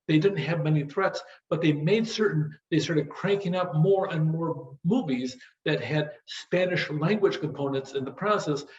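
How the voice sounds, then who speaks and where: An American man, a business instructor, giving a recorded lecture on strategy in a quick, talkative way, repeating the same phrases. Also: fairly high pitch, darkish tone. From United States. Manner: fast-talking, repetitive "as you go through". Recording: roomy, dull lo-fi audio.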